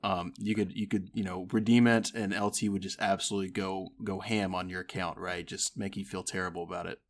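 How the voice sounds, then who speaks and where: Easygoing lower-voiced podcast co-host. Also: male voice, flat delivery, a little fast. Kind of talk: casual podcast chat.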